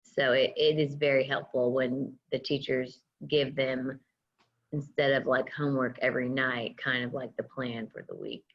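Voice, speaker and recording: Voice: mid-range voice, flat delivery, moderate pace, muffled recording. A teacher speaking hesitantly with many fillers in a casual panel discussion.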